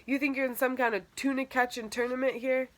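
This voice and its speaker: A woman's voice: mid-range voice, normal speed, a bit bright, a little hiss or hum, close to an everyday voice. Victor, a swaggering teen boy, as a woman puts him on. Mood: taunting. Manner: swaggering, mocking street talk. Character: cocky teenage boy soccer star, taunting. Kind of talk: audiobook character voice.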